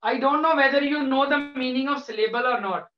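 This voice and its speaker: A male English lecturer with an Indian English accent, patiently explaining to a class with frequent pauses. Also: extremely high pitch. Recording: echoey room, dull lo-fi sound.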